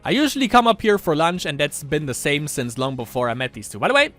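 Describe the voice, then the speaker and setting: A man's voice: a little high, sing-song, fast, a bit bright, soft background music. A man doing casual let's-play commentary, reading a visual novel aloud with rambling asides and frequent laughter.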